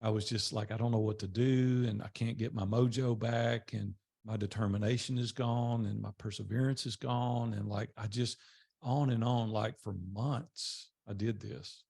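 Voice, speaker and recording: In a creaky, darkish, slightly rough voice, an older man tells a small group about his life at a moderate pace and with fairly even intonation. He keeps it conversational while impersonating the people he quotes, his pitch climbing during their lines.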